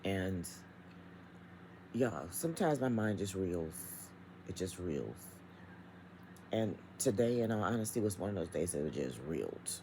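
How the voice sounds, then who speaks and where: A middle-aged woman vlogger with a strikingly low, mellow voice that swings widely in pitch. She speaks emphatically and chattily to her viewers from home, with a faint hum of noise behind her. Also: big pitch swings, measured pace, long pauses, rough recording. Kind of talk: casual vlog rant.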